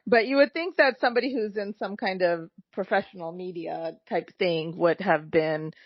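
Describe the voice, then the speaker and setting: A woman's voice: fairly low pitch, moderate pace, no room sound, lo-fi sound. A woman co-hosting a podcast, talking in a rambling, conversational way. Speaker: podcast co-host. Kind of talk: casual chat.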